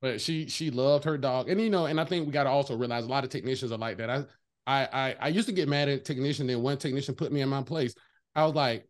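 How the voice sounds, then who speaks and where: A man chatting casually as a guest, an animated, emphatic storyteller who swears freely and slips into voices when quoting people. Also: medium pitch, fast talker. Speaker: veterinary technician guest. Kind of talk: casual chat.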